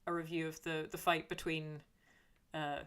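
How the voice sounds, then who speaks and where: Woman streamer, lowish voice, rambling and chatty, reading chat aloud, full of fillers. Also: little pitch movement, normal speed, fairly bright tone, smooth. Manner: reads viewer comments aloud and answers them. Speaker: YouTuber reading live chat. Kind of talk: casual livestream chat.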